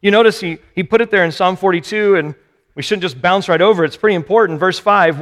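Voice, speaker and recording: A man with a somewhat high voice delivers a sermon in a relaxed, conversational way. He pokes fun at his own habits and keeps turning questions back on his listeners. His voice rings out with the long reverb of a large hall. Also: quick pace. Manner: conversational, self-deprecating, rhetorical questions to listeners. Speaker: pastor.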